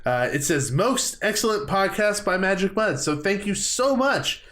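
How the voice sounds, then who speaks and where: A young man with a fairly high voice chats with his co-host on a casual podcast. He laughs easily and often restarts his sentences as he talks. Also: big pitch swings, moderate pace, a bit bright. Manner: chatty, laughs often, stumbles over words.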